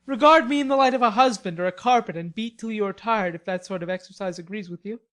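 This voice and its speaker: A woman reading an audiobook, voicing an idle, teasing young gentleman with drawling, mock-polite banter. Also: lowish voice, steady tone, fast talker, lightly acted. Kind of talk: audiobook character voice.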